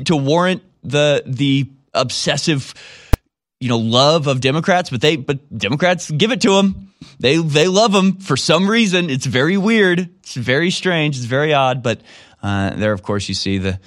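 A man's voice: on the high side, lively intonation, moderate pace, fairly bright tone, no echo, studio quality. A man giving casual, sarcastic political commentary, rambling and repeating himself as he reacts to a replayed clip.

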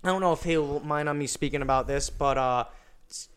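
A young man chats casually as a guest, winding through a story with constant fillers and restarts. His voice sits a little high and sounds smooth and resonant. He talks like he is among friends. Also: fairly quick, a bit bright. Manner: rambling, many "like" fillers and restarts. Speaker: podcast guest.

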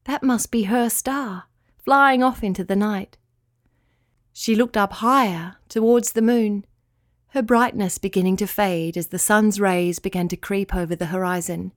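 A woman narrating a children's bedtime story in a soft, gentle, expressive way. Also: mid-range voice, a little slow, dry recording, clean studio sound.

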